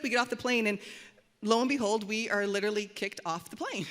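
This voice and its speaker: A middle-aged woman pastor delivers a sermon in a church auditorium, her voice at a middle pitch. She tells stories in an animated, dramatic way. The sound carries a long reverb from the hall. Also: brisk. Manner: animated, dramatic storytelling with acted quotes. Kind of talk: sermon with storytelling.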